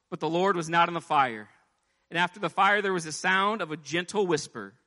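A man's voice: on the high side, bright, forceful tone. A man preaching a sermon with impassioned delivery, rising into pleading as he voices scripture. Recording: long hall reverb.

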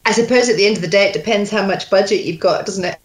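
A woman coaching accents, talking in a chatty, animated way with quoted asides. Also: medium pitch, fast. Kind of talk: casual chat. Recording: roomy echo.

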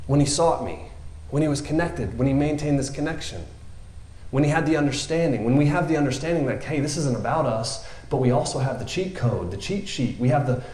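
A man's voice: fairly high pitch, darkish tone. Casual rambling male preacher, roomy sound. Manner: rambling and conversational, lots of fillers. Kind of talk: informal sermon.

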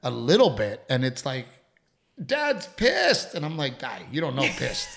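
A middle-aged man co-hosting a casual chat show, talking in an animated way, acting out quotes and swearing freely. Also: mid-range voice, a little fast, gravelly. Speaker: podcast co-host.

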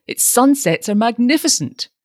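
A cheerful young man with boyish frankness, speaking emphatically, as a woman reading a storybook puts him on. The delivery is lively in pitch and dry in sound. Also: moderate pace, no room sound, close to an everyday voice.

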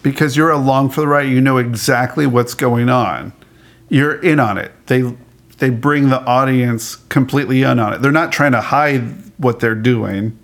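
Man with a gravelly voice, animated. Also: mid-range voice, normal speed. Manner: animated, laughs often, many restarts. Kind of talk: casual chat about a cartoon.

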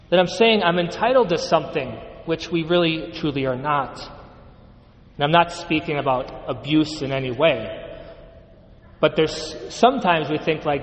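A priest giving an earnest, emphatic sermon with measured pauses, in a church. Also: male voice, on the high side, in a large hall, low-quality recording.

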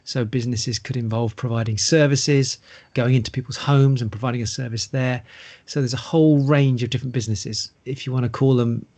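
A middle-aged man with a medium-pitched, somewhat dark voice talks fairly quickly and with fairly even intonation. In a casual podcast conversation he explains investing and property, stringing long lists together in explanatory run-on sentences.

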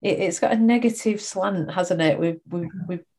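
Chatty woman interviewer, mellow voice. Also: fairly low pitch, normal speed, husky. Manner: chatty, asks tag questions. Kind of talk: interview conversation.

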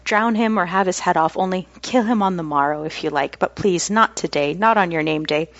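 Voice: medium pitch, brisk, creaky, fairly bright tone, dry recording. A woman reading as a pleading frightened young girl. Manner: pleading, desperate. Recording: slightly dull lo-fi recording.

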